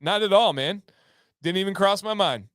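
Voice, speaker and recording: An upbeat man hosts a casual livestream from home, reading out viewer comments and breaking into loud whoops. His voice sits high and comes across smooth and clean. The sound is close and dry, with no room around it. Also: normal speed, dry recording. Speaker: livestream host.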